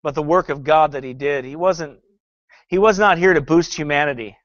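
A man preaching with fervor and biting sarcasm, a pastor taking apart a film's message line by line. His voice sits a little high for a man. The sound is dry and somewhat dull, as if recorded on modest gear in a dead room. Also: normal speed, no echo. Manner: sarcastic, fervent preaching with scripture reading. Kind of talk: sermon critiquing a film.

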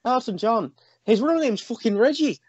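A man's voice: very high-pitched, lively intonation, moderate pace, darkish tone, breathy edge, no room sound, dull audio. A man co-hosting a reaction video in casual chat, joking, laughing and swearing. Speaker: co-host of a reaction channel.

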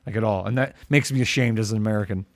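A man's voice: lowish voice, racing, no room sound. A man from Ohio co-hosting a casual live-stream chat, joking and riffing with his co-host. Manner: joking, riffs into loud impressions.

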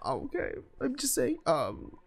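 A man's voice: a little high, huge pitch swings, slow pace. A young man chatting casually while playing a game with friends, hesitant and easily panicked. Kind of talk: casual gaming chat.

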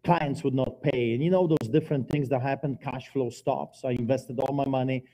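A man with a dark, mellow voice preaches his testimony from a church pulpit. His storytelling is dramatic, with sudden emphatic rises and drops in loudness. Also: medium pitch, steady tone, normal speed. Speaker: guest preacher giving testimony. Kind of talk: testimony sermon.

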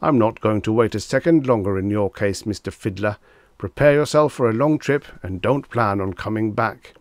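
A man's voice: lowish voice, moderate pace, dry recording, studio quality, close to an everyday voice. A man voicing a flustered, tipsy male figure of Death who wails and frets. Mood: accusing. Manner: anxious, wailing complaints.

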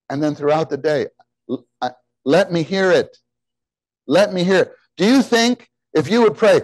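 A man preaching a sermon in a conversational, animated way, asking his listeners questions and rising to near-shouts on key words, then dropping to soft, quiet asides. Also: a little high, moderate pace, dry recording, rough recording. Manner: drops into soft, quiet asides when quoting God; conversational, asks the audience questions.

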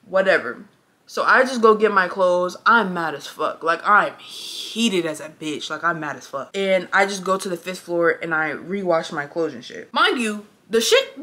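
A young woman with a bright, ringing voice tells a personal story straight to camera. Her delivery is animated and blunt, full of swearing. She sounds casual and close to the mic indoors. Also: mid-range voice. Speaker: vlogger. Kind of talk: casual storytime while getting ready.

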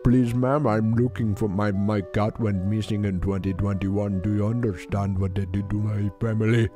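A man's voice: lowish voice, steady tone, moderate pace, mellow, soft background music, lightly acted. A man putting on a pleading Indian-accented caller. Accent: Indian English. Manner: overly polite, pleading. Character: male caller faking a polite pleading customer voice.

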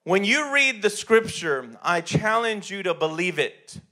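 A man's voice: sits high, big pitch swings, a little slow, sharp tone. A man preaching a sermon in a church, talking conversationally with many restarts and repeated words. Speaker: pastor.

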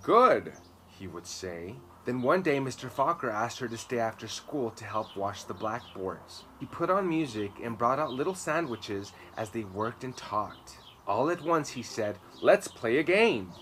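A male educator reads a children's picture book aloud at a storytime pace. His delivery is expressive, dropping to slow, hushed passages and rising again. His voice is bright and sits at an ordinary pitch, with a faint hiss in the background. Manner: expressive, dramatic swings in loudness and pace.

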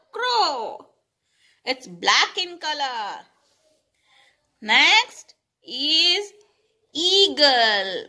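A woman teaching preschool children, saying each word slowly and repeating it for them to echo. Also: high voice, pushed and bright. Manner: slow, sing-song, repeating words for children to echo. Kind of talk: recorded lesson for young children.

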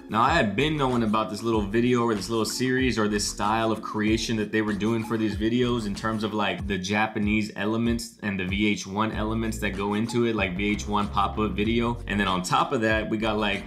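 An American man hosting a music reaction channel, talking casually and excitedly in slang with lots of fillers. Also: on the low side. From United States.

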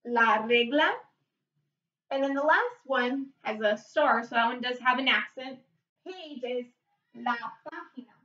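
A woman teaching Spanish vocabulary in a slow lesson, repeating each word and spelling it out. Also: fairly high pitch, bright, forceful tone. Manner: repeats words slowly, spells and explains. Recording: echoey, distant, dull lo-fi recording.

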